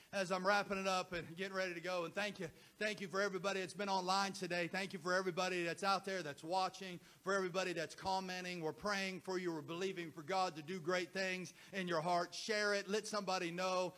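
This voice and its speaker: A man preaching a sermon to his church and online viewers, building repeated rhythmic phrases into shouted climaxes. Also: sits high. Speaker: pastor.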